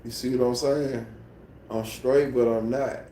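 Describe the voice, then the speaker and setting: A man's voice: medium pitch, steady tone, unhurried, mellow, slight background noise. A man with a Memphis accent chatting casually on a phone livestream at home, sleepy and laid-back, with a repetitive, mumbled drawl. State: sleepy, just woke up.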